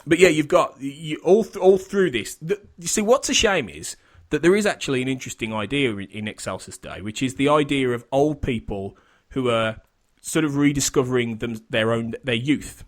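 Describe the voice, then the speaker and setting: Brief: male podcast host, mid-pitched, loose, rambling chat full of restarts and laughs. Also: moderate pace, hardly any pauses. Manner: rambling, self-interrupting, laughs often.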